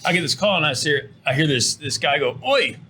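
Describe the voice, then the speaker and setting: A middle-aged man, a company owner, giving an earnest interview pitch for his business and often repeating words as he restarts. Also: fast talker, pushed and bright, slight background noise. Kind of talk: promotional interview talk.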